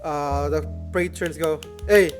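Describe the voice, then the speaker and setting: Slow-talking man running a tabletop game. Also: a little high, music in the background. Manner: unhurried, with fillers. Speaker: game master.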